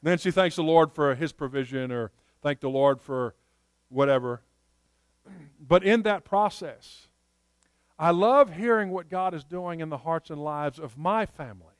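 A man preaching a sermon, telling stories in an earnest way and slowing down to stress key points. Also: on the high side, clear, resonant tone, no echo. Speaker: pastor.

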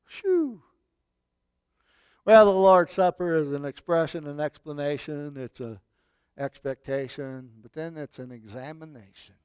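Male pastor mid-sermon; folksy delivery, bright high-set voice, dry close sound. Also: fairly even intonation, moderate pace, clear, resonant tone, dry recording. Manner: folksy, swells loud then drops to near whispers.

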